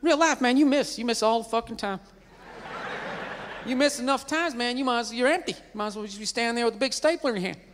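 A man's voice: extremely high pitch, quick pace, a bit bright, big-room sound, slight background noise. A man putting on a drawling redneck gun-store clerk. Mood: insistent. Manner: drawling, insistent, repeats himself.

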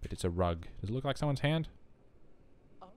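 Young man, casual gameplay commentary, wry asides, lively up-and-down voice. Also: medium pitch, brisk. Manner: chatty, wry, self-mocking asides. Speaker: let's play host.

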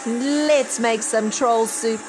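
A woman doing high gleeful storybook children. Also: slow, noisy background. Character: cheeky gleeful group of schoolchildren. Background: music.

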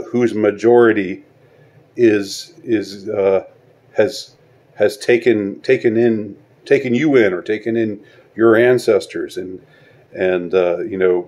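A man delivering a spoken video monologue, halting and searching for words, with sarcastic rhetorical questions. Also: on the low side, warm tone. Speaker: online commentator.

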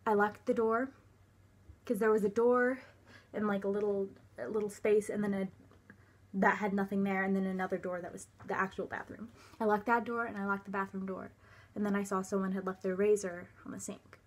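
A young woman recounts a personal story straight to the camera in a breathy, slightly husky voice. She speaks haltingly, restarting sentences and leaning on filler words. At times her voice sinks to a near whisper, while her pitch stays in a middle range. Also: flat delivery. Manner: often drops to a soft, near-whispered voice. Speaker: vlogger.

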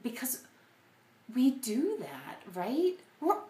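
A woman's voice: high-pitched, wildly swooping pitch, slow, darkish tone, reverberant. A woman hosting an episode, thinking aloud in a casual, hesitant way with many fillers and restarts. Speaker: podcast host. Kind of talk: casual reflective monologue.

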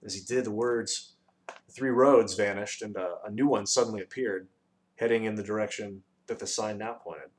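Guy reading a kids novel out loud, expressive. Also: on the low side, moderate pace. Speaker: audiobook reader. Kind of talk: storybook narration.

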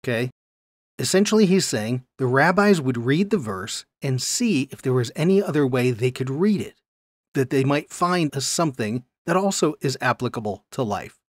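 A man in a middle register teaches a Bible lesson to camera, animated and conversational. He keeps checking in with his viewers as he explains. The recording is dry and close, with no room sound. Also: medium pitch, normal speed, no echo.

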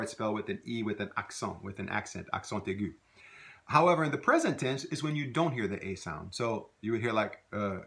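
A man's voice: medium pitch, pushed and bright. A man teaching a casual language lesson, rambling with many fillers and restarts. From Louisiana.

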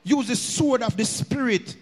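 A man's voice: extremely high pitch, moderate pace, big-room sound. A man with a Jamaican accent preaching a sermon in a church, slipping into patois and chanting his lines in a sung cadence. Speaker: minister.

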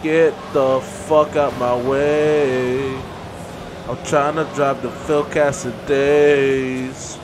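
A man doing casual let's play commentary, loud, profane and joking. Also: medium pitch, noisy background. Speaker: gameplay commentator.

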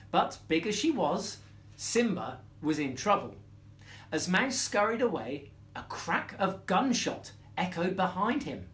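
Guy reading a bedtime story, slow and playful, lots of ups and downs. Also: high-pitched. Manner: expressive, playful.

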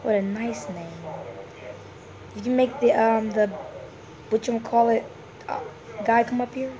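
A woman giving casual, excitable gameplay commentary, full of playful hums and sing-song noises. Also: on the high side, a little slow, muffled recording. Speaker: gameplay streamer.

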